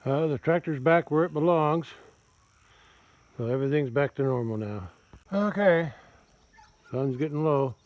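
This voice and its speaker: A man's voice: a little high, a little slow, pauses often, muffled recording, background noise. A man farming outdoors in a pasture, casually narrating his work and chatting aloud to his cattle in a rambling way. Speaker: farmer. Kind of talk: casual self-narrated vlog.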